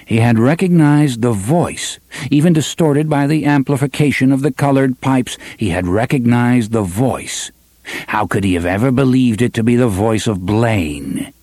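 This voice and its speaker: A man narrating an audiobook in an expressive storytelling manner. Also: mid-range voice, moderate pace, no room sound, clean studio sound. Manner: expressive storytelling, varies pace for drama. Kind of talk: scripted narration.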